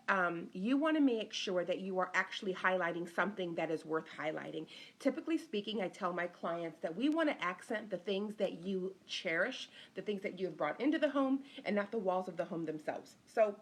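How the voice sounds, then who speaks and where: A woman's voice: fairly low pitch, lively intonation, brisk. A middle-aged woman, an interior designer, giving a casual live-stream lesson, chatting and greeting viewers by name as she goes.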